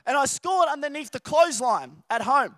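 A man's voice: very high-pitched, animated, normal speed, fairly bright tone, dry recording. A man preaching a sermon, telling stories with playful, acted-out voices.

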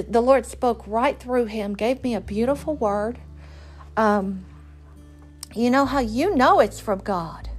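Earnest woman preaching. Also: a little high. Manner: earnest, folksy, many fillers. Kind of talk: devotional talk with scripture reading.

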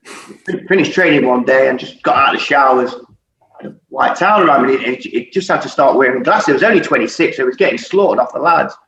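A man's voice: mid-range voice, fast talker, vocal fry. A middle-aged man, a former footballer, telling stories in casual chat, swearing often and laughing as he goes. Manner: sweary, laughing, animated storyteller. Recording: echoey, distant, dull audio with faint noise.

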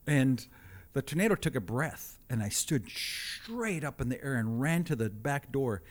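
A man telling a comic personal story, animated with deadpan asides. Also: mid-range voice, unhurried.

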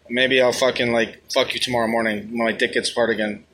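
A man's voice: mid-range voice, little pitch movement, a little fast, hardly any pauses, sharp tone. A man with a New York accent hosting a comedic rant, brash, profane and rambling. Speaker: comedic host.

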